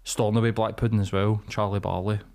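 A man's voice: lowish voice, level tone, fairly quick, darkish tone. A young Scottish man co-hosting a podcast, chipping in with short teasing remarks in casual chat. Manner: teasing, chips in with short jokes. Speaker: podcast co-host.

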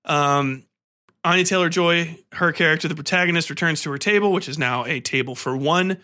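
A podcast host talks through a film scene by scene in a loose, rambling way, stopping and restarting often. His voice sits a bit high and sounds bright and forward. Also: fairly quick. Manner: rambling, filler-heavy storytelling. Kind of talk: casual film review monologue.

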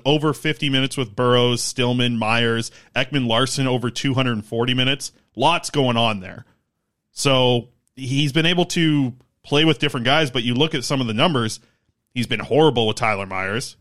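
A man's voice: medium pitch, fairly bright tone. A man co-hosting a casual sports podcast, working through stats and contract numbers. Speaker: podcast co-host.

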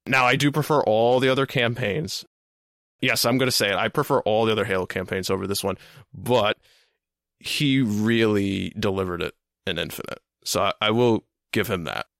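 Male podcast co-host, lowish voice, stubborn takes, dry sound. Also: fairly bright tone, dry recording. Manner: opinionated, contrarian. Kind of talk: casual game chat.

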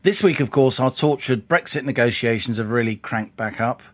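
A man co-hosting a political podcast, talking in a wry, brisk, explanatory way. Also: mid-range voice, soft background music. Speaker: co-host. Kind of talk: casual political podcast chat.

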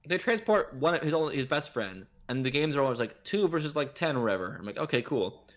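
A man chatting on a podcast about a film, his pitch jumping around as he retells scenes with disbelief. His delivery is loose and conversational, with frequent laughs and asides. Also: fast. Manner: animated, incredulous retelling with laughs. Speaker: podcast co-host. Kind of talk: casual chat reviewing a movie.

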